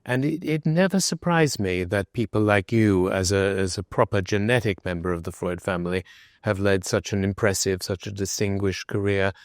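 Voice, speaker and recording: A man's voice: fairly low pitch, normal speed, no echo, studio quality. A man interviewing a guest, asking long, effusive and admiring questions.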